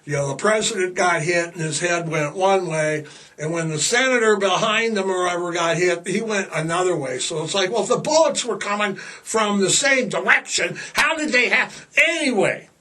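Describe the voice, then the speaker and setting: A man in his sixties hosting a podcast, talking in a rambling, jokey way with heavy sarcasm and drawn-out emphasis. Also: high-pitched, sharp tone, far from the mic. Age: 60s. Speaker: podcast host. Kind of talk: rambling casual monologue.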